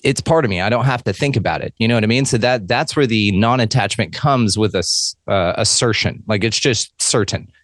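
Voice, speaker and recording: A man chatting casually as a podcast guest, emphatic and animated, swearing freely. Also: lowish voice, fairly quick, hardly any pauses, no echo, clean studio sound. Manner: emphatic, profane, animated storyteller. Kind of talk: casual chat.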